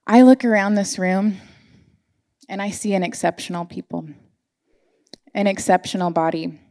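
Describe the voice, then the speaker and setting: A woman's voice: medium pitch, moderate pace, a little mellow. A woman giving an earnest, emotional sermon to her church congregation, sharing personal stories. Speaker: church speaker. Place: church sanctuary.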